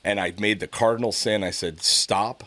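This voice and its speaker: Man, middle-aged, podcast host, casual profane storytelling, fairly low voice. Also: fast. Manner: profane, storytelling, animated when quoting others. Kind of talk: casual chat.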